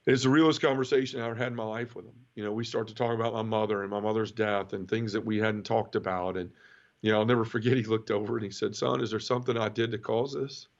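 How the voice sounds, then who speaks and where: A man's voice: lowish voice, steady tone, fast. A middle-aged man tells an emotional personal testimony, earnest and often repeating words when moved. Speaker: interview guest. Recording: slightly dull, lo-fi.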